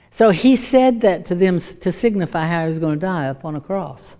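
A woman's voice: on the low side, expressive, a little fast, hardly any pauses, warm tone. A woman preaching a sermon, emphatic and repeating her key lines.

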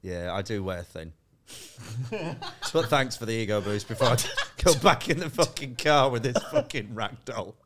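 A comedian chats on a podcast, his voice bouncing between high and low as he acts out people in his own stories. He swears freely, laughs through the tales and keeps a casual, pub-style rhythm. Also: expressive, normal speed, background noise. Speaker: comedian guest. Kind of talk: casual podcast chat, telling stand-up stories.

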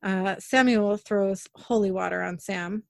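A woman with a gravelly, steady, mid-pitched voice hosts a podcast recap of a TV episode, moving briskly through the scenes and reading the characters' lines in almost her own voice. The recording is close and dry, with little room sound.

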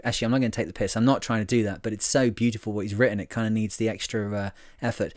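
A man's voice: lowish voice, fairly even intonation, rapid-fire, few pauses, a little mellow, no echo, clean studio sound. A man hosting his own podcast, talking casually on his own, rambling and joking at his own expense with lots of fillers. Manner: rambling and jokey, with many fillers and self-mocking asides. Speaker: podcast host. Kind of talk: casual solo podcast monologue.

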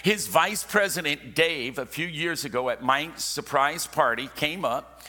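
A man preaching a sermon, telling stories with jokey asides and dropping suddenly from loud to hushed. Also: a little high, measured pace. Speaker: pastor. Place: church sanctuary. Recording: long hall reverb.

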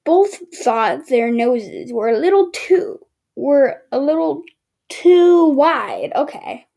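A woman's voice: high-pitched, very animated, slow, vocal fry, dark tone. A woman hosting a casual home podcast, reading a book aloud with stumbles and sarcastic asides. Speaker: podcast host.

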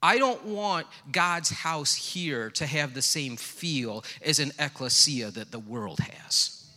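A middle-aged male pastor delivers his sermon like a conversation, slipping into self-deprecating stories. His voice is bright and forceful, and it rings with the long reverb of a church hall. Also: fairly high pitch, animated, slow. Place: church sanctuary.

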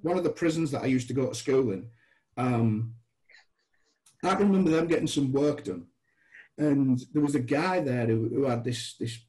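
A man's voice: mid-range voice, moderate pace, low-quality recording. A middle-aged man from Britain, a guest telling chatty stories, often acting out the voices of people he quotes. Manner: chatty, restarts, animated quoted dialogue. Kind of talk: casual anecdotal storytelling.

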